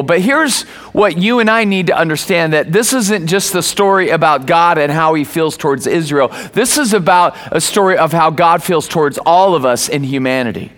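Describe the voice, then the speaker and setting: A middle-aged man preaching a sermon as pastor, telling a family story with many restarts and lively acted-out quotes. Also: on the high side, normal speed, few pauses, long reverb tail. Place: church.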